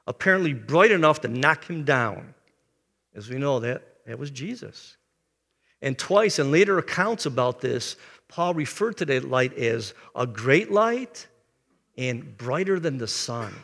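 An older man in his seventies preaches a sermon with a gravelly, creaky voice. He tells stories earnestly and clears his throat often. A long reverb from the hall trails his words. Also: fairly high pitch, fairly bright tone. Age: 70s. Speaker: pastor.

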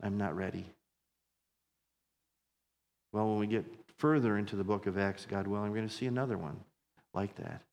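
A man's voice: lowish voice, quick pace, a little mellow, long reverb tail. A man preaching a sermon as pastor, earnest and repeating phrases for emphasis as his intensity builds.

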